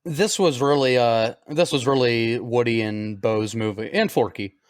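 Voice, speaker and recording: Laughing, lively podcast man. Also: mid-range voice, a little slow, no echo, clean studio sound. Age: 30s. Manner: laughs often, animated retelling of scenes. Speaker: podcast co-host. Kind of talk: casual chat.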